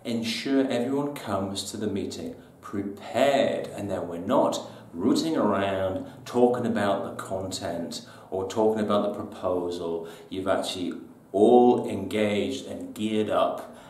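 A lowish-voiced man delivers business tips with punchy emphasis and a chatty, colloquial turn of phrase. He sits back from the mic in an echoey room, with faint ambient noise. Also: a little slow, a little mellow, recorded from a distance. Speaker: business trainer. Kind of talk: presenting tips to camera.

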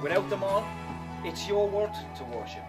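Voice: medium pitch, very animated, normal speed, loud music behind the voice, natural voice. A performer playing a pompous boxing trainer giving a grand speech in a comedy sketch.

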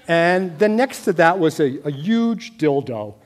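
A middle-aged American man telling a personal story on stage, wry and deadpan, growing animated at times. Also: on the high side, a little slow, slight background noise. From United States. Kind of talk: storytelling talk.

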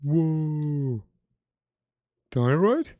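A young man giving casual gameplay commentary, excitable and swearing often, chatting to his in-game animals. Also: a little high, drawn-out words, no echo. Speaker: gaming video creator. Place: home editing room.

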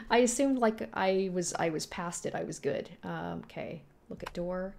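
A woman's voice: lowish voice, animated, unhurried, creaky, darkish tone. A woman streaming a horror game, reacting with sudden jumps and reading the on-screen text aloud to herself. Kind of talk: live gameplay commentary.

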